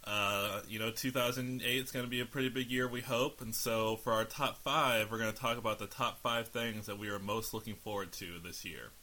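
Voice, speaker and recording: A man hosting a casual podcast, relaxed as he leads the discussion. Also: lowish voice, a little fast, few pauses. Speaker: podcast host. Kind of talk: casual chat.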